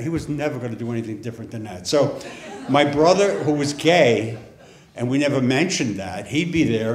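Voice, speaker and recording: A middle-aged man telling a personal story on stage in a wry, conversational way, with deadpan asides. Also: mid-range voice. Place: theater stage. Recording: echoey theater room with faint ambience.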